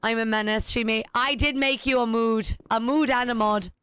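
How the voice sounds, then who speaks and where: A woman's voice: on the high side, steady tone, moderate pace, fairly bright tone, smooth, no room sound. A woman streaming a game, chatting casually with self-deprecating jokes. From United States. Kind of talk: casual live-stream chat.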